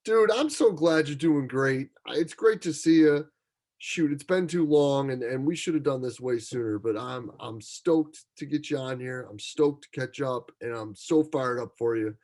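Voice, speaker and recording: A man's voice: medium pitch, normal speed, darkish tone. A man hosting a podcast, upbeat and slangy, calling his guest "dude" and sounding enthusiastic. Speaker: podcast host. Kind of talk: casual podcast interview.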